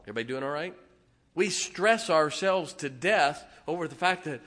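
A man's voice: a little high, expressive, moderate pace, a bit bright. A man preaching a sermon in a folksy, joking and emphatic way.

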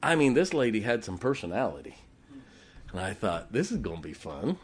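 A middle-aged man from Ohio preaching a storytelling sermon, switching between loud emphatic points and quiet, chatty anecdotes full of fillers. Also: on the low side, big pitch swings, fairly quick, husky. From Canton, Ohio. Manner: folksy, frequent fillers and restarts, chuckles.

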